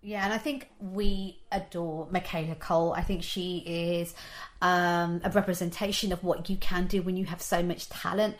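A woman's voice: lowish voice, fairly even intonation, moderate pace. A woman from England interviewing a guest in a chatty, casual way, often saying "like.". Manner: chatty, frequent "like" fillers.

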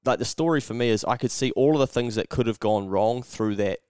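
A man's voice: mid-range voice, a little fast, darkish tone, smooth, dry recording, studio quality. A young man with a New Zealand accent, co-hosting a podcast and telling a story in casual chat, swearing often and acting out his own thoughts. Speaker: podcast co-host.

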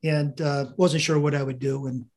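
A gravelly, darkish voice, fairly high in pitch, comes from an American veteran in his seventies. Keeping a level tone at a moderate pace, he tells wandering stories in an interview, chuckling and reciting dialogue.

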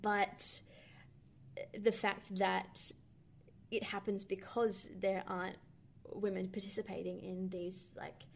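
With a creaky, mid-range voice, a young podcast co-host discusses a film casually, musing thoughtfully and rambling with lots of fillers. A little hiss or hum sits under the recording.

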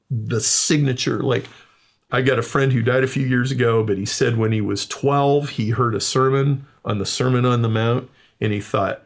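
Gravelly man, mid-pitched, emphatic casual explainer who keeps asking "okay?".

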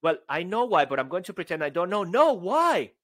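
A man co-hosting a podcast as a speaking coach, joking around, breaking into song and bursts of shouting. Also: high-pitched, big pitch swings, a little fast, no room sound. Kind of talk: playful podcast banter.

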